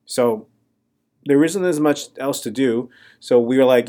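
A young adult man, a comedian and podcast host, telling a self-mocking story in a casual, deadpan monologue. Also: medium pitch, measured pace.

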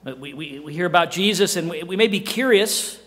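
A middle-aged man preaching a sermon in a conversational way, often dropping to a hushed voice for emphasis and asking the listeners rhetorical questions. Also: on the high side, animated, brisk, long reverb tail. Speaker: pastor.

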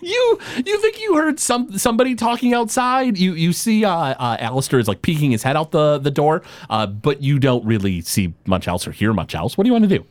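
A man runs a tabletop game in a fairly high voice that swings widely up and down. He chuckles often and fills his narration with hesitations. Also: sing-song, brisk, few pauses, no room sound. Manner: loose and chuckling, full of hesitations. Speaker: game master.

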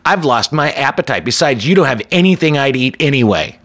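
A man's voice: mid-range voice, big pitch swings, brisk. A man voicing an irritated, snobbish young woman on a date, scornful and whiny as she complains. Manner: scornful and whiny, rising to shouting.

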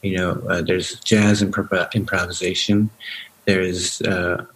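Low-voiced man explaining thoughtfully. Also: level tone, takes it slowly, a bit bright, a little hiss or hum, poor audio. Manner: thoughtful, explanatory, hesitant with many uhs. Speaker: guest musician. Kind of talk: casual conversation.

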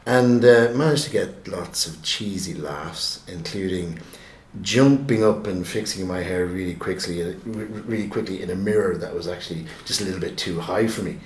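Low-voiced man telling a rambling story. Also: moderate pace. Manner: rambling, self-mocking, with restarts. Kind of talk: casual storytelling in conversation. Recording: roomy echo.

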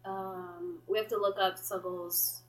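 A young woman from Kenya hosting a podcast in casual chat, animated and quick to laugh. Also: on the low side, low-quality recording. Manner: animated, laughing easily, storytelling. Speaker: podcast host.

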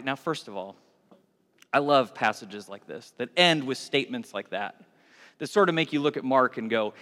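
A man preaching a sermon as pastor, animated, acting out the voices of people in the story. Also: medium pitch, moderate pace. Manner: animated, acts out voices of villagers. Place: church sanctuary. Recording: long hall reverb.

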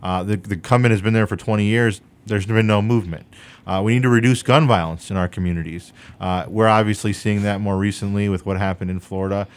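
Earnest low-voiced man, candidate interview. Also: steady tone, smooth. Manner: earnest, measured with frequent fillers. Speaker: state senate candidate. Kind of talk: radio interview answers.

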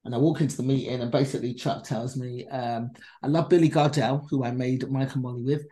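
This podcast guest, a woman comedian with a bass voice, talks a little fast as she tells a story. She's animated, swears without holding back, and acts out every person's lines in different voices.

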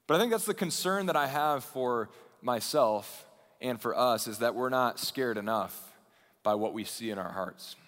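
A male pastor delivers a sermon in a voice of ordinary middle pitch. His delivery moves between urgent, raised stretches and hushed, quiet passages. The sound carries the long reverb of a large hall. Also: animated, moderate pace.

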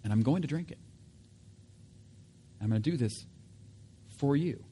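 A man preaching a sermon who voices a calm, resolute figure in a steady, reassuring way. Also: mid-range voice, measured pace, slightly rough.

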